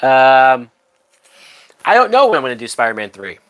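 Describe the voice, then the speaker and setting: Very animated and fairly bright in tone, a medium-pitched man talks at a moderate pace as he hosts a livestream while drunk. His movie commentary is casual, rambling, and profane, and his thoughts trail off before he finishes them.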